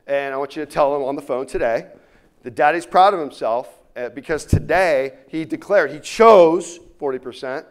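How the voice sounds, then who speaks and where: A man giving a motivational keynote to a live audience, telling stories and swinging between loud punches and quiet asides. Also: a little high, moderate pace. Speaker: keynote speaker. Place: conference room before a live audience.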